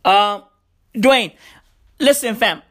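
A woman's voice: a little high, extremely slow, a bit bright. A woman, hosting her show with a profane, emphatic, repetitive comedic rant. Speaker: podcast host.

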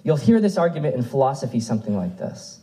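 A man's voice: mid-range voice, big pitch swings, fast, dark tone, low-quality recording. A man preaching a sermon in a church, earnestly reading scripture aloud with rising and falling emphasis. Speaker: pastor.

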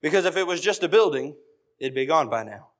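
A man's voice: a little high, expressive, fairly quick. A man preaching an evening sermon, building points through emphatic repeated phrases. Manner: emphatic, repetitive preaching cadence.

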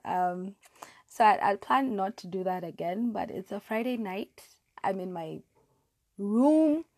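A woman's voice: mid-range voice, expressive, unhurried, darkish tone, no room sound. A young woman hosting a casual solo podcast from her bedroom, chatty and self-deprecating, with lots of fillers and restarts, on a lapel mic. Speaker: podcast host. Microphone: lapel mic clipped to her hair.

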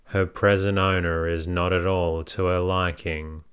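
An anxious young wife urging her husband to leave, read by a man. The voice stays deep and very clear, and the pace is slow. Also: level tone, fairly bright tone. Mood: firm. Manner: imploring, firm. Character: anxious young wife, pleading then firm.

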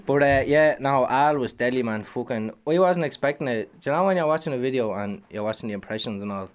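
A man co-hosting a laid-back podcast, his pitch sitting in a mid range. He tells rowdy stories and jumps into the voices of the people he mimics. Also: fast talker. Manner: loud laughing storyteller, puts on voices of workmates. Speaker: podcast co-host. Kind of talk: casual banter.

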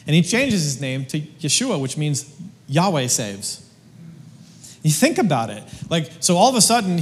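A man's voice: fairly high pitch, big-room sound. A man preaching a sermon in a casual, joking, slangy way, stumbling over restarts as he goes. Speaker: pastor.

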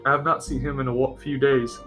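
Sly, burly medieval shopkeeper, read by a man, gruff and amused, mid-pitched. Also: flat delivery, brisk, music in the background, natural voice. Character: burly balding male shopkeeper, sly and mischievous.

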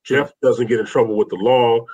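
His voice is mid-range, steady, darkish and slightly rough, and he talks briskly. As an interview guest he shares heartfelt personal stories, restarting often and frequently using "man," captured in somewhat dull lo-fi sound.

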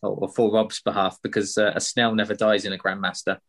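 A man's voice: lowish voice, flat delivery, a little fast, a bit bright. A man with a British accent co-hosting a casual gaming podcast, chatty and teasing, speaking to listeners directly. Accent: British English. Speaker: podcast co-host. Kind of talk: casual chat.

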